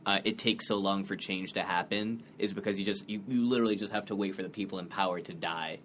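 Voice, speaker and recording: Co-host, man, lowish voice, jokey casual talk, faint hiss. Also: steady tone, fairly bright tone. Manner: joking, quick with asides. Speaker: podcast co-host. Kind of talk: casual chat.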